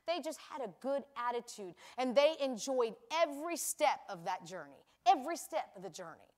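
A woman preacher delivers a sermon full of stories, chatty and animated, acting out the voices of the people in her anecdotes. She speaks conversationally with frequent "you know," in a high voice at normal speed.

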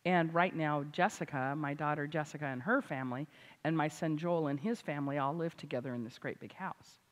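An older woman, a grandmother and author, preaching a sermon with animated, emphatic delivery. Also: low-pitched, brisk. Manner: animated, rising to loud emphatic exclamations. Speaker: Christian speaker and author. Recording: hall reverb.

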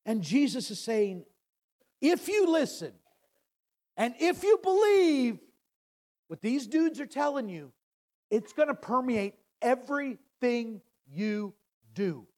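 Man, pastor, sermon, slow drawn-out delivery, loud to hushed swings. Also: very high voice, sing-song. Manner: casual paraphrasing of scripture.

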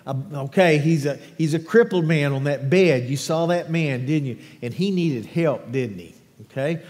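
High-voiced man preaching in an echoing church. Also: normal speed. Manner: animated, questioning the congregation. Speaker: pastor. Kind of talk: children's sermon and scripture reading. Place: church sanctuary. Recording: long echo of a large church hall.

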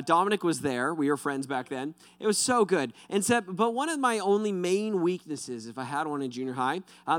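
A young man preaching a sermon, telling animated, self-deprecating stories. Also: fairly high pitch, no room sound. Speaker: pastor.

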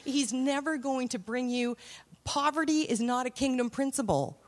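Lady preaching a sermon, chatty stories, kinda high-pitched, gets loud and emphatic at times. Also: moderate pace. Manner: conversational, with anecdotes and emphatic rises.

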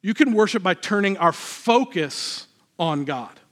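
A man's voice: high-pitched, expressive, a little slow, a bit bright. A man, a pastor, preaching a sermon in a conversational, self-deprecating way.

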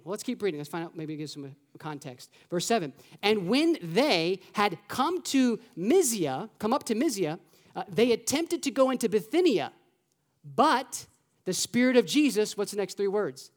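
An animated pastor delivers a sermon in a church sanctuary, talking to the congregation like a conversation. He throws in rhetorical questions, casual fillers and quick off-the-cuff asides. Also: mid-range voice.

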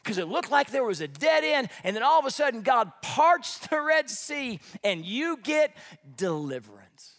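A male preacher delivers a sermon as an animated storyteller. His voice sits high and leaps around in pitch, jumping from loud exclamations to hushed asides. A long reverb trails each phrase, as in a large hall. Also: normal speed. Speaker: pastor.

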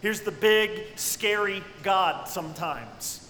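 A male preacher delivers a sermon with a bright, high-pitched voice. He swings from near-whispers to ringing cries. The sound is echoey, with a long hall reverb and faint ambient noise behind him. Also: lively intonation, takes it slowly. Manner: dynamic preaching, dropping to hushed tones then rising to cries. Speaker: pastor.

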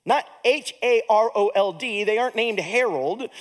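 High-pitched guy pastor, chatty sermon, kinda tired, cracks jokes at himself. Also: normal speed. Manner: conversational, self-deprecating asides.

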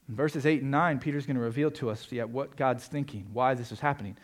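Male pastor delivering a sermon, emphatic peaks, mid-pitched voice. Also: quick pace, hardly any pauses. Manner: swings from quiet reflection to loud emphatic preaching.

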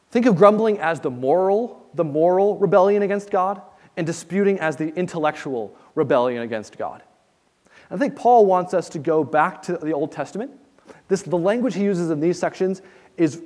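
An earnest male pastor preaching a sermon with a slightly high voice. He talks conversationally and often backs up to restart a phrase. His voice rings with the long reverb of a large church sanctuary. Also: darkish tone. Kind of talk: expository sermon.

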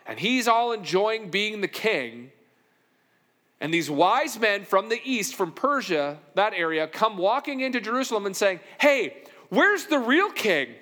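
A man's voice: high-pitched, animated, measured pace, sharp tone. A man preaching a sermon and telling the story with animation, acting out the characters' lines. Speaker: pastor. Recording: long hall reverb.

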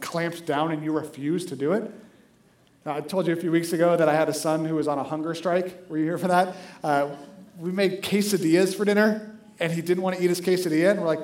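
High-voiced pastor preaching, echoey hall. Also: male voice, fast. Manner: animated, conversational, keeps asking "right?". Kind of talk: sermon.

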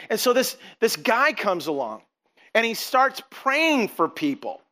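A middle-aged man preaches from the pulpit in a fairly high voice. His tone is bright and forceful as he tells a story earnestly, often stumbling and restarting his sentences. He speaks the way a pastor talks to his congregation. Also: big pitch swings, unhurried. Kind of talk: sermon.

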